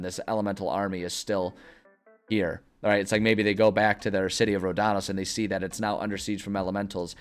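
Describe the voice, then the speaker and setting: A streamer thinking aloud in casual chat as he plans a story, rambling with many fillers and restarts. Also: on the low side. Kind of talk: casual livestream chat about story planning.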